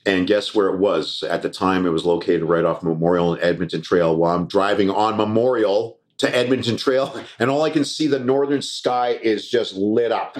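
A low-pitched man tells a story as a podcast guest, with plenty of swearing and laughter. He slips into quoted voices of the people in his tale, keeping it loose and conversational. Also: normal speed, hardly any pauses. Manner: profane, laughing, animated anecdote with quoted voices. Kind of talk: casual storytelling.

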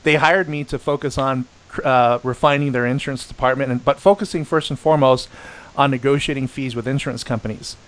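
A middle-aged man hosting a podcast, chatting casually and telling animated stories with many restarts and quoted voices. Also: medium pitch, brisk. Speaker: podcast host. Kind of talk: casual chat.

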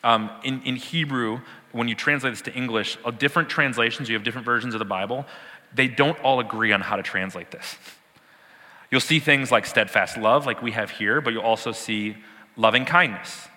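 A man's voice: medium pitch, normal speed, bright, forceful tone, big-room sound. A man teaching a sermon, explaining words with emphatic repetition and the odd laugh. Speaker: preacher.

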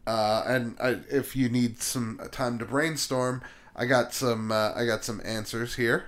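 A man's voice: mid-range voice, steady tone, measured pace, a bit bright. A man hosting a casual podcast chat, swearing freely and laughing often. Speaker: podcast host.

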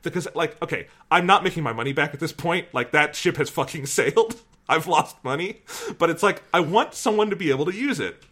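A man hosting a podcast, telling a long story in an animated, casual way and swearing freely. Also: fairly high pitch, brisk. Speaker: podcast host.

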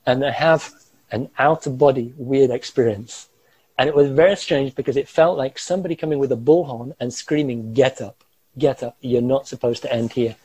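A guest describes a harrowing personal experience in vivid first-person storytelling, using a mellow, slightly husky mid-range voice. He gets animated, gestures as he talks, and chuckles quickly through the tense stretches. The rough recording is dry and close, with no room sound.

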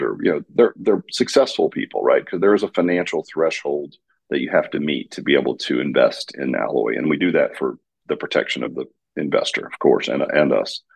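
A man as a guest on a podcast, speaking in a measured, reflective way. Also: rumbling low, gravelly, breathy edge. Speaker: guest, business owner. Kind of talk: casual interview chat.

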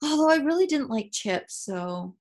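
Wry woman co-host, lively higher voice. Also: normal speed. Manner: wry, blunt reactions with swearing. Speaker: podcast co-host. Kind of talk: casual chat.

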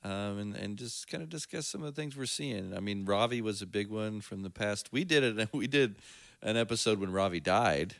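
Male co-host, deep, crisp bright tone, rambling storyteller. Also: moderate pace, few pauses, no echo, studio quality. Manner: storytelling, laughs easily, trails off with fillers. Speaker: podcast co-host. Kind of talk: casual chat.

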